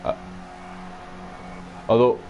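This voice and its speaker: A man's voice: very slow, dull audio, a little hiss or hum. A Scottish man chatting casually while streaming a racing game, sweary and mocking, often laughing. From Scotland. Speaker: gaming streamer. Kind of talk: casual gaming stream chat.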